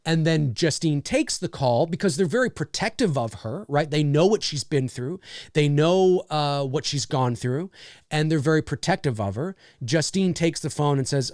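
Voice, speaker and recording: A man's voice: a little high, normal speed, dry recording, clean studio sound. A man hosting a casual livestream, animatedly talking through film scenes he made. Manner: animated, acts out scenes as he explains.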